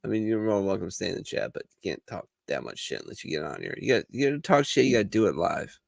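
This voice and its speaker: A man's voice: lowish voice, very animated, fast, gravelly, no echo. A man hosting a casual veterans' talk show, swearing freely and acting out the voices in his stories. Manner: profane, storytelling, acts out quoted voices. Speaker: podcast host. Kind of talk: casual bar chat.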